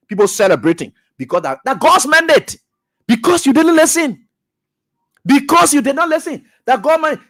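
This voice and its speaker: Radio talk host, man, Liberian English accent, high voice, preachy and emphatic, repeats himself, loud peaks and quiet asides. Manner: emphatic, repetitive, preacher-like, swings between loud shouts and low mutters. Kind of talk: preaching commentary.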